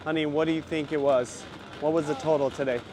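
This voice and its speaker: A man's voice: on the high side, steady tone, fast talker, background noise. A middle-aged man, a vlogger, chatting casually and in a slangy, laid-back way to the camera. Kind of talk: casual vlog talk to camera.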